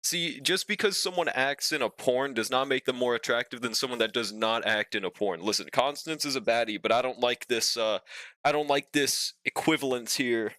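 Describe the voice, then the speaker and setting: Bright, crisp young male streamer. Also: medium pitch, normal speed, no echo. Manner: laid-back, joking, talks to chat, swears casually. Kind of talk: casual live-stream chat.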